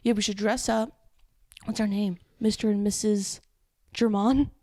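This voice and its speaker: A woman's voice: medium pitch, steady tone, measured pace, mellow, dry recording. A young woman co-hosting a casual podcast chat, playful and crude, with jokey asides. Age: young adult. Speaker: podcast co-host.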